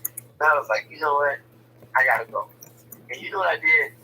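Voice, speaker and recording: A man's voice: a little high, fairly quick, gravelly, bright, forceful tone, far from the mic, slight background noise, poor audio. A man telling a personal story in casual, blunt, profane talk, often stumbling and repeating words as he starts a sentence.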